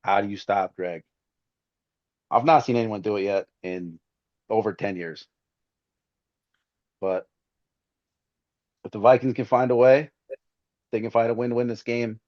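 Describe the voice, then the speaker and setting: A man's voice: lowish voice, fairly even intonation, unhurried, pauses often, no echo, muffled recording. A man hosting a casual football show, making game predictions and joking with his co-hosts. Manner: upbeat, joking, laughs often.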